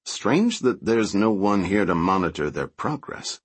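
A man's voice: low-pitched, big pitch swings, unhurried, husky, no room sound, heavily acted. A man voicing a wry, joking male sidekick in an audiobook reading. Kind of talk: audiobook character voice.

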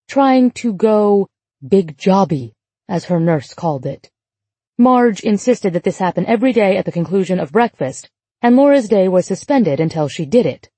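A woman reading a novel aloud in a measured, even storytelling voice. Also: on the low side, slightly rough, no echo. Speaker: audiobook narrator. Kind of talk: scripted narration.

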